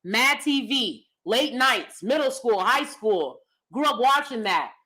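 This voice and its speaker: A woman in her thirties hosting a casual commentary stream, animated and emphatic, rambling with asides and reacting to chat. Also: on the high side, slow, rough recording. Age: 30s. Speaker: commentary channel host.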